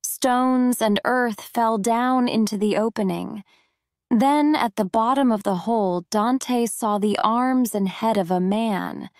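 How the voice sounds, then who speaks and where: A woman narrating a story for English learners in a clear, deliberate way. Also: fairly high pitch, darkish tone, no echo, studio quality.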